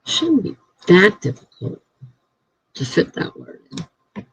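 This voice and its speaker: A woman writer chatting casually on her live stream, rambling and thinking out loud. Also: mid-range voice, wildly swooping pitch, slow, breathy edge, no room sound. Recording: dry, slightly dull lo-fi mic.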